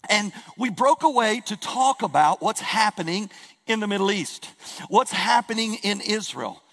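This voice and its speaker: Animated pastor preaching in a reverberant hall. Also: male voice, high-pitched, vocal fry. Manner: storytelling, animated, repeats words when excited. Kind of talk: sermon. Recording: long reverb of a church hall.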